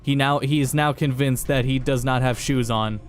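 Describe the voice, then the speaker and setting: A man's voice: medium pitch, fairly even intonation, moderate pace, faint music behind. A young man casually telling a rambling story while playing a game, with many fillers and restarts. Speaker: podcast host playing a game.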